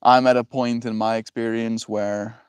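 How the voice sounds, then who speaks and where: A man's voice: mid-range voice, level tone, normal speed, smooth, no room sound. A man hosting a livestream who chats casually with viewers, rambling and reflective and laughing often. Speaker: livestream host.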